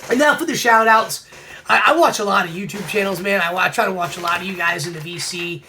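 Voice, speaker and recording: A man's voice: high voice, quick pace, bright, forceful tone, slight background noise. A man casually talking through his vinyl records, enthusiastic and full of fillers and restarts. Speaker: record collector vlogger. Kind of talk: casual vinyl review chat.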